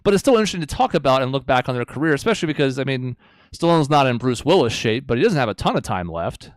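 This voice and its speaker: A man co-hosting a casual podcast, talking through his reasoning in long, measured stretches. His voice sits at an everyday pitch. The sound is dry and close. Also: sing-song, no room sound. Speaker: podcast co-host. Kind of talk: casual chat.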